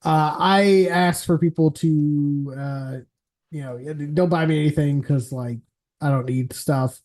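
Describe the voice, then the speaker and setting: A male stream host whose voice sits a little high. He chats loosely and casually, drops swear words freely and breaks into laughs between thoughts. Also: fairly even intonation, unhurried, darkish tone. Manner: laid-back, swears, laughs often. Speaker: show host.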